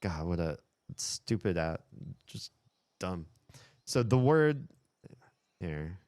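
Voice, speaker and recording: Deep-voiced male streamer chatting casually. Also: slow pace, no echo, studio quality. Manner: animated, chatty, frequent laughter and swearing. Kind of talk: casual livestream chat.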